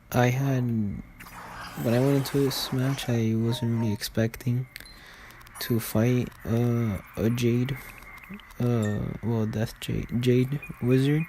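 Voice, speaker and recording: Guy rambling thru game commentary, lots of um and uh, pretty monotone. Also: medium pitch, slight background noise. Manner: rambling, many fillers and restarts. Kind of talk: casual gameplay commentary.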